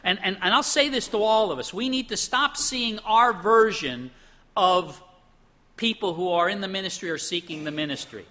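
Man, preacher, sermon, high bright voice, animated, acts out quotes. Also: normal speed.

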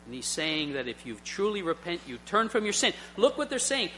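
High, bright-voiced preacher man. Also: very animated, fairly quick, few pauses, a little hiss or hum. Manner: earnest, personal storytelling with emphatic swells. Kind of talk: sermon.

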